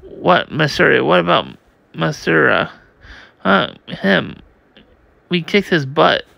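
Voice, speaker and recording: A man reading a comic aloud, halting and slow, restarting words often. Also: a little high, very animated, gravelly, pushed and bright. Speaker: comic reader.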